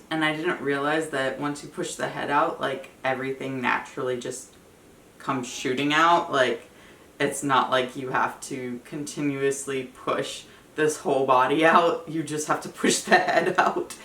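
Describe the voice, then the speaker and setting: A woman's voice: low voice, steady tone, a little slow, a bit bright, far from the mic, slight background noise. A young woman vlogger telling a personal story in a casual, chatty way, with many fillers. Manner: chatty, fillers of "like", emotional retelling. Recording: echoey room, voice a bit off-mic.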